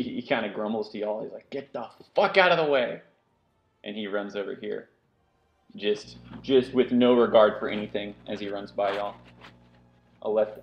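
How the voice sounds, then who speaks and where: A man's voice: lowish voice, creaky, a little mellow, muffled recording, slight background noise. A man narrating as game master, telling the action loosely with many fillers and asides.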